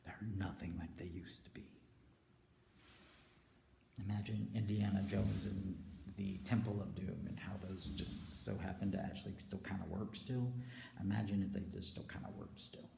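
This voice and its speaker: A man giving a rambling spiritual confession, slipping between hushed whispers and loud declarations, recorded in a stairwell. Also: sits low, fairly even intonation, normal speed, vocal fry, a little hiss or hum. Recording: echoey stairwell with long reverb.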